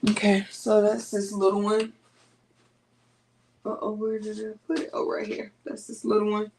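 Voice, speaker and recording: A woman's voice: medium pitch, monotone, moderate pace, vocal fry, darkish tone, slight background noise. A woman, chatting casually to her viewers as she works through a sewing tutorial. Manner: chatty, talks to viewers while working. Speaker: sewing vlogger.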